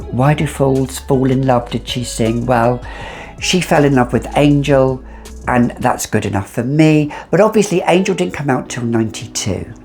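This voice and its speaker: A woman's voice: rumbling low, a little mellow. A middle-aged woman chatting casually and with strong opinions as she reviews a fragrance. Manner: chatty, opinionated, sassy asides.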